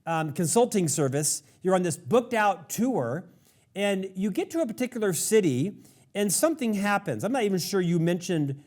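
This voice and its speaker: A male interview host with a somewhat high voice. He speaks in an admiring, measured way, leaning slowly on key words as he sets up his guest's story. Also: lively intonation, a little mellow. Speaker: podcast host.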